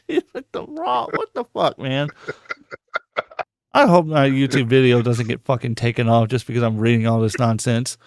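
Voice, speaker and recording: A man's voice: medium pitch, expressive, a little slow, long pauses, darkish tone, no room sound, clean studio sound. A man hosting a casual live podcast, swearing constantly and mocking the posts he reads aloud. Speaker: podcast host.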